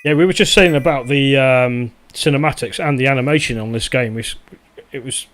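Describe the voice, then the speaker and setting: A man chatting casually to viewers during a live game stream, relaxed and a little hesitant, with frequent pauses as he plays. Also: medium pitch, soft background music. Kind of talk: live gaming stream chat.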